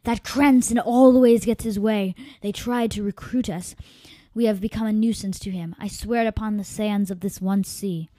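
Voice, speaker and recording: A woman voicing a fierce female desert tribe soldier who speaks slowly and formally. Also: mid-range voice, steady tone, dark tone, dry recording, lightly acted. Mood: solemn. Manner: slow, solemn, formal speech.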